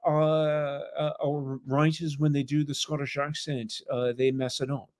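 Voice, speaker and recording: A man's voice: fairly high pitch, level tone, unhurried, a little mellow, no echo. Man from England, author guest, rambling storyteller, dry close sound. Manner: rambling, storytelling with fillers and asides. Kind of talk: casual interview storytelling.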